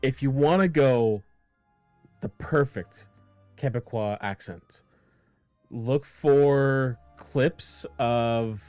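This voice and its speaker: A man's voice: mid-range voice, drawn-out words, pauses often, a little mellow, clear, resonant tone, no room sound, soft background music. Man, tabletop player, rambly and self-amused, dry close desk mic. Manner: rambling, self-interrupting, laughs at own jokes. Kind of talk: casual chat on a voice call.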